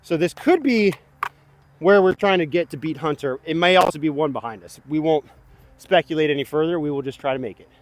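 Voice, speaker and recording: A man giving casual running commentary while playing disc golf outdoors, excitable and hard on himself, a bit out of breath. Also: fairly high pitch, a little fast, a little hiss or hum. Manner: excitable, self-critical, talks to himself between throws.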